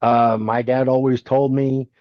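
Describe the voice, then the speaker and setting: A man in his sixties who tells stories with animation and jumps into other people's voices as he goes. His voice sits at an ordinary middle pitch. The sound is dull and lo-fi, and very dry, with no room around it. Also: measured pace, no echo. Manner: animated storyteller who acts out others' lines. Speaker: guest, former wrestler. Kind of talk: storytelling interview.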